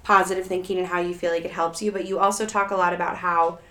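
A woman's voice: fairly low pitch, flat delivery, quick pace, fairly bright tone. A woman hosting a podcast, asking encouraging, conversational questions of her guest. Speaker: podcast host. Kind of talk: interviewing a guest. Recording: echoey room.

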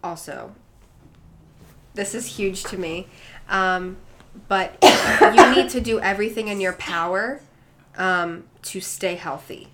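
A woman's voice: mid-range voice, takes it slowly, heavy background noise. A young woman talking candidly as a podcast guest, rambling with many "like" and "um" fillers. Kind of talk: candid personal conversation.

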